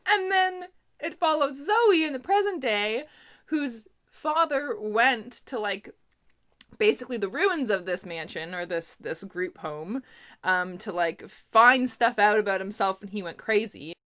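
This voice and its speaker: A woman's voice: a little high, expressive, a little slow, fairly bright tone. A young woman from Canada chatting casually about books she has read, laughing often and filling her talk with little asides. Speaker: booktuber. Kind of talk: casual book review chat.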